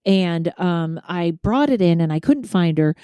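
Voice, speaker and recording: A woman hosts a podcast with a mellow, warm voice, chatting casually. She retells everyday stories, laughs easily and acts out what people said. The sound is dry and close. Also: lowish voice, lively intonation, a little slow, clean tone, dry recording. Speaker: podcast host. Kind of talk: casual chat.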